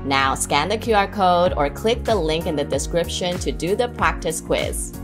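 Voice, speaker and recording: Lively-voiced woman teaching pronunciation. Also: lowish voice, music in the background. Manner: clear, deliberate, models words slowly. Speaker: English pronunciation instructor. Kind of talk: scripted instructional narration.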